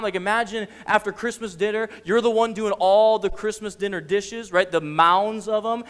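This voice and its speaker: In a large hall that serves as a church sanctuary, a youth ministry director delivers a relaxed, conversational sermon in a clear, resonant, high voice. Lively and peppered with fillers, he dramatizes the story he's telling.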